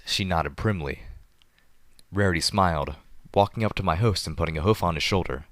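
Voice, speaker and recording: A man reading a story aloud in a steady, measured narration. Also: sits low, no room sound, clean studio sound. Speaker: audiobook reader. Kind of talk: fan fiction audiobook narration.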